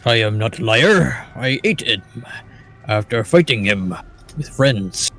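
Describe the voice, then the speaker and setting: A man's voice: mid-range voice, expressive, takes it slowly, fairly bright tone, soft background music, full character voice. A man voicing a blunt male ogre ship captain in a tabletop game, speaking in clipped, broken sentences that drop their articles. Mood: defiant.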